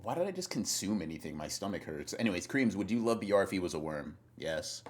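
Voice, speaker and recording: Man, podcast co-host, low voice, exasperated, profane casual banter. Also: big pitch swings, fast. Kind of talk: casual chat.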